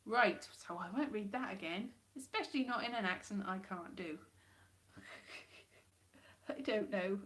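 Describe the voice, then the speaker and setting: A woman hosting a casual livestream from home, rambling, chatty and quick to laugh at herself. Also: medium pitch, fairly bright tone. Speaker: livestream host.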